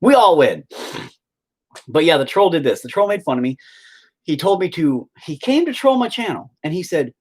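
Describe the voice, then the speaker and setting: A young man rambles to his viewers in a casual, crude, joking live-stream chat, his pitch swooping widely and sometimes leaping into loud, high exclamations. He sounds very animated, with a moderate pace and a slightly rough voice.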